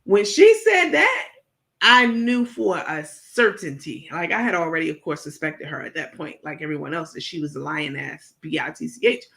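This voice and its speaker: A woman hosting a casual commentary vlog, talking straight to her viewers in an animated, profane, digressive way. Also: low voice, moderate pace, gravelly, hardly any pauses. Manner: playful, digressive storytelling. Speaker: commentary vlogger.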